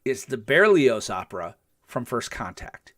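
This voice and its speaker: Brief: older male podcast host, mid-pitched, lively recaps with acted-out quotes. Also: a little slow. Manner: animated storytelling, acts out quotes. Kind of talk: casual podcast chat.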